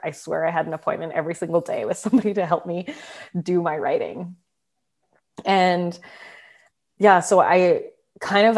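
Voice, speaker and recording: A young woman talks through a personal story in a loose, conversational way, with a slightly low voice. She laughs easily and acts out her own past words as she goes. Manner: chatty, laughs often, quotes herself. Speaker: storyteller sharing personal experience.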